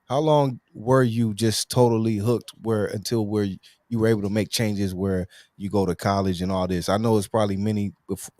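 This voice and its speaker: A man's voice: on the low side, fairly even intonation, moderate pace, hardly any pauses, mellow, dry recording, clean studio sound. A man hosting an interview show, asking questions in a laid-back, slangy way and rephrasing as he goes. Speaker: host. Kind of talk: casual interview.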